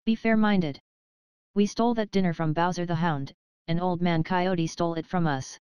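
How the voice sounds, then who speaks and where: A woman's voice: fairly low pitch, moderate pace, clear, resonant tone, no room sound, lo-fi sound, lightly acted. Woman reading as a shrewd old vixen. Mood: lecturing. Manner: calm, lecturing, matter-of-fact. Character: shrewd old female fox, wise schemer.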